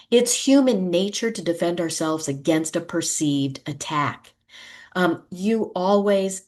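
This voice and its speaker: A woman speaking at a conference, teaching relationship skills in a gentle instructional talk and acting out example lines. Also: lowish voice. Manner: gentle, animated delivery that acts out example lines.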